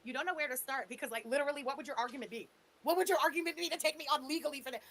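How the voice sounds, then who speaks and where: A woman with a high voice hosts a reaction commentary. She picks apart what she hears with sarcasm and disbelief, speaking plainly and casually. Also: animated, rapid-fire, fairly bright tone. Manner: sarcastic, mocking, incredulous. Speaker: host, commentary channel.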